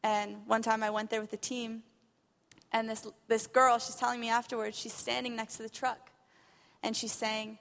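In a large church hall, a young missionary woman gives an earnest testimony sermon, growing impassioned as she retells a story. Her fairly high voice is creaky and fairly bright, with little pitch movement, at a moderate pace.

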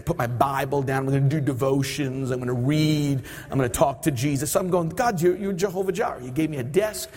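A high-voiced man delivers a sermon built around a personal story, acting out his own thoughts as he goes. His voice rings out through a church hall with a long reverb tail. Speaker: preacher. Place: church service.

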